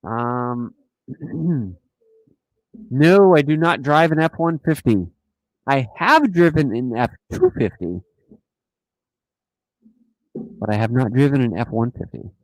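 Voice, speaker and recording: A man's voice: medium pitch, very animated, slow, pauses often, no echo, low-quality recording. A man hosting a casual live stream, joking and rambling in a playful, silly way.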